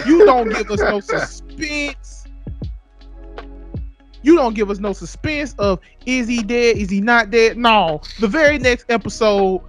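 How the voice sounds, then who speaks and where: This is a man speaking in a heated, profanity-laced podcast rant. He takes his time, and his pitch swings widely as he hammers each point again and again. Faint music plays underneath. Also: fairly bright tone. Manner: heated, profane, repetitive ranting. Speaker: podcast co-host.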